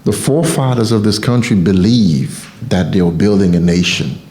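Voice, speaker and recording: Lower-voiced Haitian-accented man preaching. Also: animated, normal speed, warm tone. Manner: emphatic, repeats phrases for effect. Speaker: motivational speaker. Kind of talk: motivational sermon.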